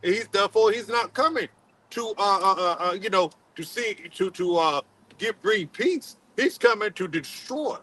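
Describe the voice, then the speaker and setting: A man preaching a sermon in a halting, repetitive way, full of fillers, and calling on another man to read scripture aloud. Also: sits high, lively intonation, pushed and bright, slight background noise, rough recording. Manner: halting, repeats words, many fillers, calls on a reader. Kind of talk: street-style sermon with scripture reading.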